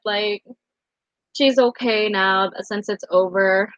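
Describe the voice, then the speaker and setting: A woman's voice: medium pitch, measured pace, fairly bright tone, no echo, lo-fi sound. A young woman in her late teens rambling emotionally through a casual storytime vlog, full of fillers. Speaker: vlogger.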